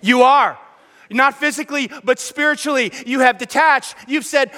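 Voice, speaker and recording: A middle-aged male pastor preaching an energetic sermon, acting out the prayers and voices he quotes. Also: very high voice, normal speed. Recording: long hall reverb.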